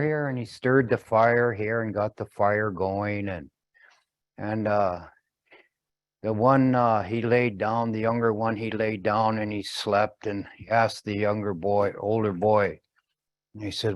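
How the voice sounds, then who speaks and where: A man telling a traditional story slowly, pausing often and explaining as he goes. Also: lowish voice, steady tone.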